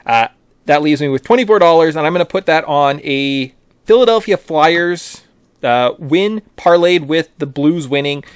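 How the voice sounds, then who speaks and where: A Canadian man co-hosting a casual hockey podcast, his voice sitting a little high for a man. He talks loosely and jokes around, laughing easily, and the sound is dry and close with no room around it. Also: expressive, moderate pace, clean tone, no echo. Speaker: podcast co-host. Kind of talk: casual chat.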